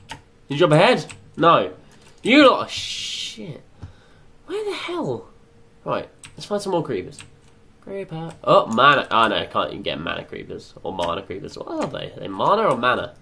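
A young man doing excitable let's play commentary, chattering to himself and swearing often. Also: a little high. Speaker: gaming channel host.

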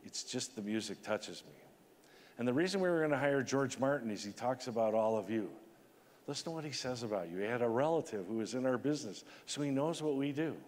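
A man in his sixties giving a motivational keynote speech to a conference, talking with emotion and pushing his voice high at the peaks. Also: expressive, fairly quick, a little mellow. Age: 60s. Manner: emotional, emphatic, rising to high pitch at peaks. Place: large conference hall. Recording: long hall reverb.

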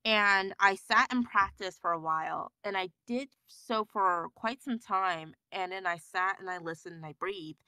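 A woman talking as a guest on a podcast, animated and quick to laugh, often restarting her sentences as she goes. Her voice sits at a middle pitch and is recorded close and dry, with no room sound. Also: clean tone, no echo. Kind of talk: casual interview chat.

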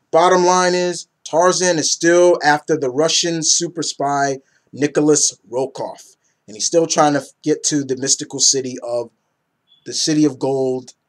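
A man in his thirties runs a casual comic review, rambling with enthusiasm and tripping over names along the way. His voice sits at an ordinary middle pitch.

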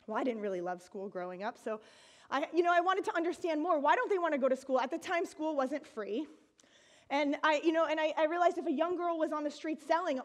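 Brief: high-pitched American woman, animated storyteller on stage, quick to laugh. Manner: animated, laughing, with bursts of excited shouting. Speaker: speaker giving a talk. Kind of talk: storytelling talk to an audience.

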